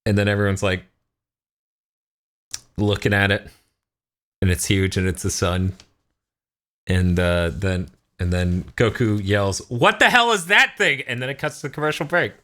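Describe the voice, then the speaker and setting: A man's voice: deep voice, a little slow, long pauses. A man co-hosting a casual podcast, recapping an episode and acting out the characters' lines in goofy voices. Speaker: podcast co-host.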